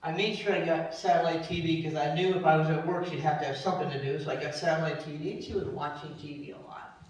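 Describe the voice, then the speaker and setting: A man's voice: on the high side, steady tone, quick pace. Man telling family stories in an echoey hall. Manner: rambling family anecdotes, acts out quoted voices. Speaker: eulogy speaker. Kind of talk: memorial eulogy storytelling. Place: memorial service hall. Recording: very echoey hall, distant from mic.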